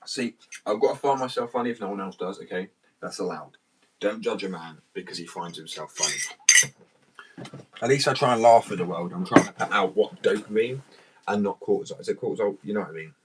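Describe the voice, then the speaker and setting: A man's voice: on the low side, fairly quick, heavy background noise. A man, chatting casually and rambling for a vlog, swearing freely and sounding drowsy and loose. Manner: rambling, sweary, laid-back. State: drowsy on muscle relaxant.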